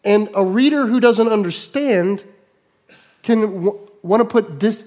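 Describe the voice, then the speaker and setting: A middle-aged man preaching a sermon, moving between loud mock shouts and quiet asides. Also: high-pitched, measured pace. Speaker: pastor.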